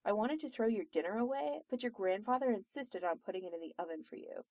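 A woman's voice: mid-range voice, expressive, quick pace, a little mellow, no room sound, natural voice. Scolding middle-aged mother, read by a woman, curt, dry sound.

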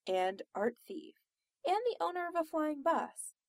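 Brash sarcastic young woman, read by a woman, lively pitch, dry sound. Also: measured pace, no echo, heavily acted. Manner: loud, sarcastic, exclaiming. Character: brash excitable young woman, loud and blunt.

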